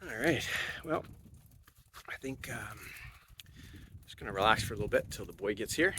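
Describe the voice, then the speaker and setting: A man's voice: fairly low pitch, normal speed, long pauses, background noise. A middle-aged man chatting casually as he films around his cottage, rambling easily with lots of fillers. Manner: rambling, relaxed, many fillers. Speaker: cottage vlogger. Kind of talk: casual vlog chat. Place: cottage, indoors and outdoors.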